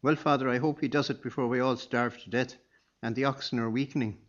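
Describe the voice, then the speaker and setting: A tough cart driver, put on by a man reading the story, blunt and gruff, with a steady, low man's voice. The recording has a dull, lo-fi tone. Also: fast talker, lightly acted.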